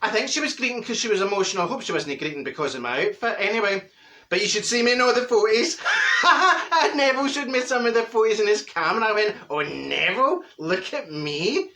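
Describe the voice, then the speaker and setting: A man's voice: high voice, animated, fast talker, pushed and bright, full character voice. A man playing a chatty, vain, gossiping middle-aged woman from Glasgow with a Glaswegian accent, cackling through a comic monologue. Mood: gossipy. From Glasgow, Scotland. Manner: gossipy, cackling, full of wee asides. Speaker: comedy character monologue.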